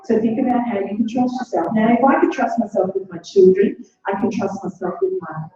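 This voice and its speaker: A woman's voice: mid-range voice, a little fast, warm tone, heavy reverb, distant mic, lo-fi sound. A middle-aged woman giving an earnest motivational talk, repeating phrases for emphasis. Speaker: guest speaker.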